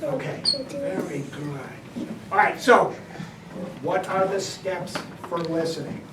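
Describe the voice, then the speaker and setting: A teacher with a fairly low, very animated voice speaks slowly as she leads a classroom behavior lesson, giving step-by-step directions. A loud crowd is heard, and the distant mic picks up an echoey room and background noise.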